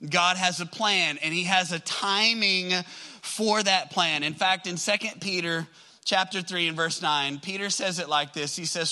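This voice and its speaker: A man's voice: high voice, normal speed, pushed and bright, low-quality recording. A man preaching a sermon in a conversational way, asking the congregation questions and acting out prayers. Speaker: pastor.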